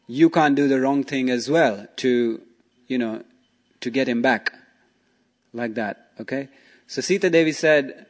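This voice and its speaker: A man giving a casual spiritual talk as a teacher, telling stories and asking rhetorical questions. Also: medium pitch. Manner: chatty, asks rhetorical questions, frequent 'you know' and 'okay'.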